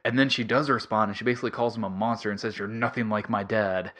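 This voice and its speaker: A man's voice: lowish voice, fairly even intonation, quick pace, a bit bright. Wry, swearing man riffing on a movie. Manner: wry, swears, jokes in mock voices. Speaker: podcast co-host. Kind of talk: casual movie recap chat.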